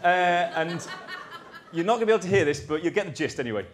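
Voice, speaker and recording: A man's voice: on the high side, expressive, fast, background noise. Rambling, jokey man giving a talk. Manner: rambling, jokey and self-deprecating. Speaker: conference speaker. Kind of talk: conference talk with anecdotes.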